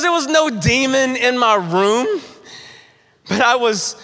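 Young male preacher, lively storyteller acting out a childhood scare, high bright voice, long hall echo. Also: unhurried. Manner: animated storytelling, acting out his own panic. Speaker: pastor. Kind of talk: sermon with personal story.

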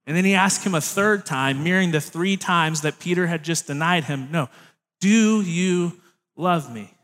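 A man's voice: a little high, brisk, pushed and bright. Young male preacher in a reverberant hall. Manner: conversational, jokey asides to the congregation. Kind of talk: sermon.

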